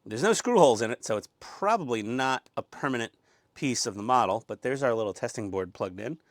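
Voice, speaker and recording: A man with a middle-pitched voice hosts a relaxed model-kit build, cracking jokes and rambling as he unpacks parts. He talks into a lapel mic, teasing himself along the way. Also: fairly quick, no room sound, clean studio sound. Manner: jokey, self-mocking, rambling. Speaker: host. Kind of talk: casual hobby build vlog.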